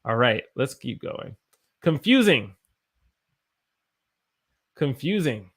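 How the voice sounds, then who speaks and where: An American man teaching English on a live stream, repeating words slowly for learners and answering questions from the chat. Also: medium pitch, very animated, breathy edge. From United States. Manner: slow, drawn-out spelling and repetition of words for learners.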